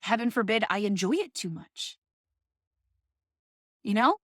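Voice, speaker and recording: A woman's voice: medium pitch, sing-song, unhurried, dry recording, clean studio sound. A woman in her thirties talking in a casual, passionate monologue, swearing often and ranting with emphasis. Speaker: podcast host.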